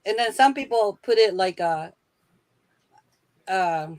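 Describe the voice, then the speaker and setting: A woman guest in a casual chat, talking in a thoughtful, halting way with frequent restarts. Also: mid-range voice, expressive, darkish tone, dry recording.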